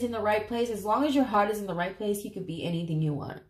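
In an echoey room, a woman gives a casual tarot reading to camera, speaking at medium pitch and a quick pace with hardly any pauses. She's earnest and emotional, swearing casually as she goes.

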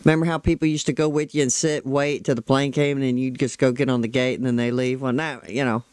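A woman's voice: rumbling low, steady tone, quick pace, darkish tone, clear, resonant tone, no echo. A woman commentator telling a rambling personal story in a chatty, exasperated way, with frequent asides. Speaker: commentator reacting to a trial. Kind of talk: casual storytelling.

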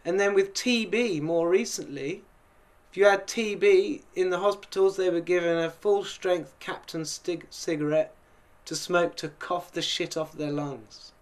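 A man's voice: sits high, steady tone, measured pace. A man with a British accent hosting a casual, rambling chat and chuckling as he talks. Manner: chatty, rambling, chuckling asides. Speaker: host.

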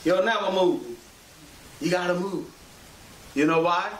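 Male pastor, very high bright voice, call-and-response sermon, repetitive emphatic phrasing, echoey church recorded from afar. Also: measured pace. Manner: call-and-response preaching, asks congregation for agreement. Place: church sanctuary. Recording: echoey church hall, mic far off, faint hiss.

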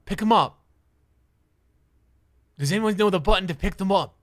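A man streaming a video game live, panicking and shouting at the screen, then muttering the on-screen instructions to himself. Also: sits high, moderate pace. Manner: excitable, yelling in panic at the game; mutters instructions under his breath. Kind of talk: live gameplay commentary. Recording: game music behind the voice. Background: game music.

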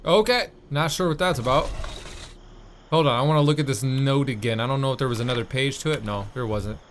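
A man's voice: mid-range voice, brisk, a little hiss or hum. A man giving casual, joking gameplay commentary, chatty and playfully role-playing as a guard. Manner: joking, chatty, mock-friendly guard talk. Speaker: gaming YouTuber.

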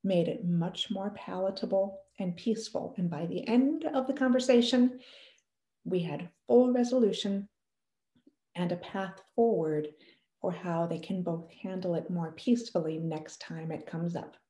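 A woman's voice: fairly low pitch, unhurried, dark tone, echoey room. A woman in her thirties giving earnest parenting advice, explaining a family conversation step by step. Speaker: parenting educator. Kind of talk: advice talk to camera.

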